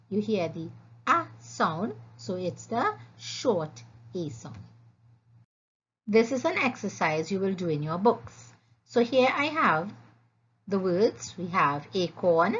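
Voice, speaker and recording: A woman teaching a phonics lesson, speaking slowly and clearly and repeating the sounds for young learners. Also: medium pitch. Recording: dull lo-fi voice-over.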